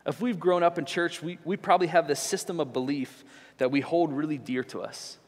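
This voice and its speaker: A young man preaching a sermon in a church, conversational and animated as he tells stories. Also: on the high side, fairly quick, long reverb tail. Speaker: pastor. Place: church sanctuary.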